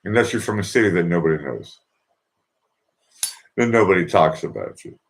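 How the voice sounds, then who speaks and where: A man with a Boston accent hosts his own livestream and chats in a loose, meandering way, cracking jokes and trailing off into "uh"s. His voice sits very low. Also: lively intonation, normal speed. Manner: chatty, joking, meandering with many fillers. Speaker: livestream host. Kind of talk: casual rambling monologue. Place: indoors in Vienna.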